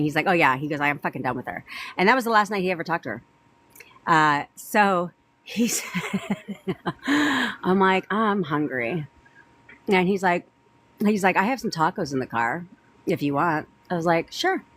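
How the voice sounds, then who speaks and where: A woman's voice: fairly low pitch, a bit bright, a little hiss or hum, rough recording. A woman in her thirties, a manifestation coach, telling a petty personal story on a live stream, swearing freely and laughing.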